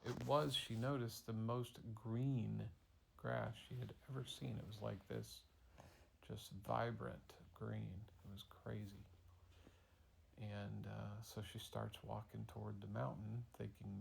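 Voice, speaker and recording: Gravelly dad, mid pitch, relaxed rambling bedtime storyteller, faint noise behind. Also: male voice, slow. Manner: relaxed, rambling, playful with fillers. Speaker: father telling a bedtime story. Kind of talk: improvised storytelling.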